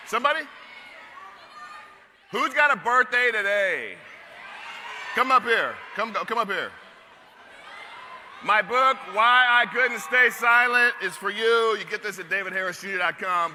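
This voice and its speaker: High-voiced man shouting at a rally. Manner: shouting, leads crowd chants. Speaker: guest speaker at a youth conference. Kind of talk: energetic rally speech. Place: large hall with a live crowd. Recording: reverberant hall, loud crowd noise.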